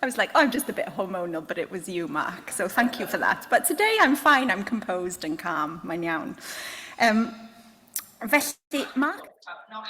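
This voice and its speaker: A woman's voice: medium pitch, big pitch swings, unhurried, pushed and bright. Bubbly Welsh woman hosting an event. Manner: bubbly and enthusiastic, chatty. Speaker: event host. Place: event hall. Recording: echoey hall with faint ambience.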